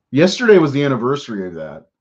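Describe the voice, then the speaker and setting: A man's voice: medium pitch, darkish tone. A man hosting a podcast in casual live-stream chat, rambling and profane and laughing often. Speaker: podcast host. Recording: dull lo-fi audio.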